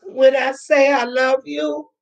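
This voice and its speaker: A woman's voice: high-pitched, little pitch movement, low-quality recording. An older woman hosting a live stream, talking to her viewers in an emotional, near-tearful way and calling them honey. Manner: slow, emotional, near tears. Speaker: channel host.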